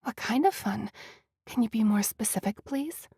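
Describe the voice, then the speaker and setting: A guarded young woman in love, as a woman reader puts her on. She speaks in a hushed, playful way in an audiobook. The sound is dry and close. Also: on the high side, normal speed, dry recording, close to an everyday voice.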